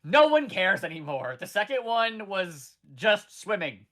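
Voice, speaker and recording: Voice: mid-range voice, sing-song, measured pace, bright, forceful tone. A podcaster in their thirties recapping a movie in casual, rambling chat, sarcastic and full of swearing. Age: 30s. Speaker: podcast co-host.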